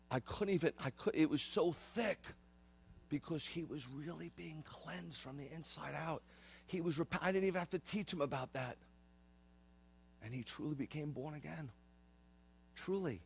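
A man's voice: on the high side, gravelly, breathy edge. A man in his fifties, a rabbi, preaching a conversational sermon in an earnest way, often repeating and restarting phrases. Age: 50s.

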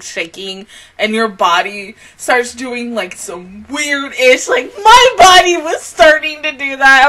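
A woman's voice: on the high side, a bit bright. A woman hosting an anime reaction video, talking emotionally and effusively, full of "like" and swearing.

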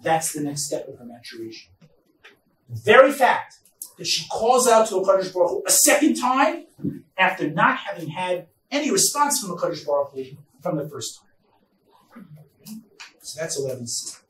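A man gives a Bible study lecture. He reads each verse slowly, then explains it with emphatic, rising stresses. His voice comes from a distant mic in a roomy, echoing space, with a faint hum of noise behind it. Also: high voice, big pitch swings, fairly bright tone. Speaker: rabbi and professor teaching a text class. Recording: echoey room, mic far off, faint noise.

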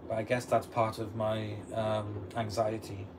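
A livestream host with a fairly low, slightly slow voice reads viewer comments aloud and answers them casually. A washing machine runs beside him, and the distant mic picks up steady background noise.

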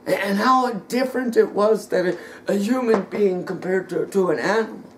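A middle-aged man giving an emotional personal testimony, halting and repeating words, sometimes dropping almost to a whisper. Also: high-pitched, noisy background.

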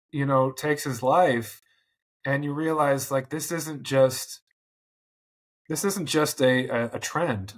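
A man in his forties, a podcast guest, talking thoughtfully and earnestly with frequent restarts. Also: on the high side. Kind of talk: reflective interview talk.

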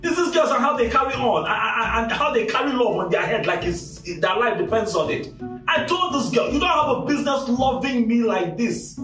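A man's voice: very high voice, animated, moderate pace, a bit bright, reverberant, distant mic, soft background music. An actor with a Nigerian English accent playing Derek, a cocky young office playboy who pleads with his boss and scolds his girlfriend. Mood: pleading. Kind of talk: Nollywood film acting.

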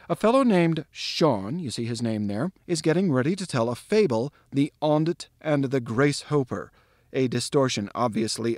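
A man giving a pronunciation tutorial on a literary passage, explaining calmly and drilling the words syllable by syllable. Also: fairly high pitch, no room sound, studio quality.

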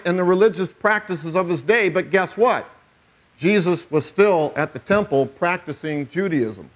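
A middle-aged man preaching a sermon as pastor, emphatic, with wry asides. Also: fairly high pitch.

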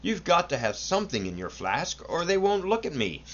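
A man's voice: on the high side, very animated, moderate pace, fairly bright tone, slight background noise, pitched above the performer's own voice. A man voicing a brash, sulky nineteen-year-old boy who whines for liquor, in a dull lo-fi home recording. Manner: whiny, insolent, drawled slang.

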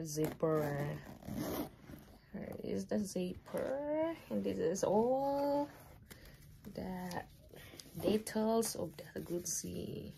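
A giddy young woman unboxes a gift in a home vlog, chatting excitedly in a lowish, gravelly voice with fry at a slow, unhurried pace. She gushes, giggles, and drops to awed whispers, with clear background noise in the video.

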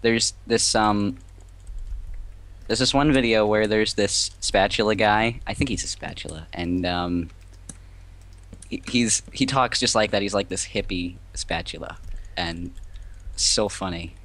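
Young man, low voice, laid-back, wry, casual gaming chat. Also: a little slow, long pauses, fairly bright tone. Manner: laid-back, wry, laughs at own deaths. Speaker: gaming co-host. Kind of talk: casual let's-play chat.

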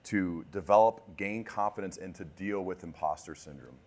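A man's voice: low-pitched, normal speed, a little mellow. A man hosting a live podcast and recapping it afterwards, enthusiastic and full of praise. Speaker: podcast host.

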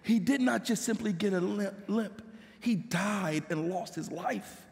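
A man's voice: high voice, measured pace, gravelly, darkish tone. A male pastor giving an emotional sermon testimony, weeping as he speaks and rising into impassioned pleas. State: crying. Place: church sanctuary. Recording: long hall reverb.

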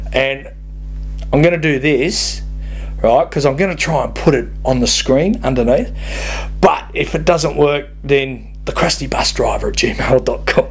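A man's voice: fairly high pitch, breathy edge. A man, a bus driver ranting bluntly and swearing as he tells comic stories to camera. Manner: blunt, sweary, laughing at his own stories.

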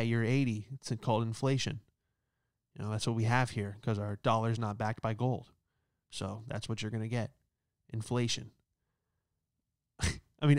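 A man's voice: fairly low pitch, clear, resonant tone, no room sound, clean studio sound. A male comedian hosting his own show, delivering a sarcastic, rambling stand-up monologue that keeps tossing in "all right?". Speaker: comedian host.

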